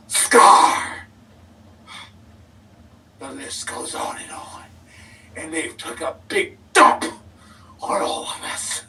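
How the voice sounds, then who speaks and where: A man cutting a theatrical wrestling promo as a guest, menacing, swinging between shouts and whispers. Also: high-pitched, animated, takes it slowly, vocal fry, pauses often, recorded from a distance, low-quality recording.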